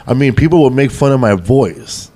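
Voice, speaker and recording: A man's voice: mid-range voice, expressive, moderate pace, mellow. Rambling, foul-mouthed male comic. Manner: rambling, swears freely, loose street slang. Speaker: comedian guest. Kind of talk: casual storytelling chat.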